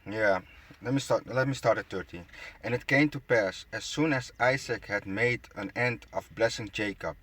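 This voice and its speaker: A man's voice: on the low side, normal speed, a bit bright, husky. A man reading scripture aloud and commenting on it, stumbling over words and adding mocking asides. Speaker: bible teacher. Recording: close dry phone screen recording.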